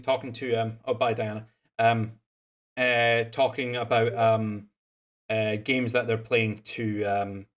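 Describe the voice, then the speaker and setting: Scottish guy rambling after a dnd stream, lots of ums and restarts, plain mid voice. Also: medium pitch. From Scotland. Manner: rambling, with many fillers and restarts. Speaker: game master and stream host. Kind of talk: casual chat after a tabletop game stream.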